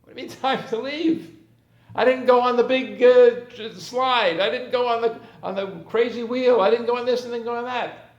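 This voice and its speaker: A man voicing whining, disappointed young children who protest loudly. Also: fairly even intonation, normal speed, roomy sound, highs cut off. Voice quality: high, pleading, protesting.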